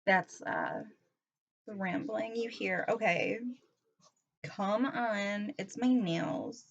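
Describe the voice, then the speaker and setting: A young woman chatting casually and gushing excitedly as she unboxes a package in her reading room at home. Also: medium pitch, extremely slow, vocal fry, dull audio. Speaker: vlogger.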